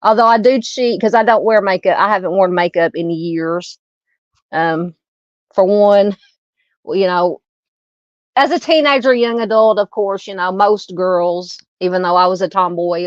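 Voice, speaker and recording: A Southern-accented woman in her fifties hosts a true crime live stream, chatting casually and reading viewer comments with plenty of fillers and restarts. Her voice sits at a medium pitch, and the recording is muffled with no room sound.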